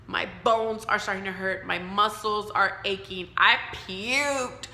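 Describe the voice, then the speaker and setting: Bright-voiced woman telling her story. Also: mid-range voice, slow. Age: 30s. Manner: candid and profane, acts out quoted voices. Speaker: vlogger sharing her cancer story. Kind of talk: casual personal storytelling. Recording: echoey room with faint hiss.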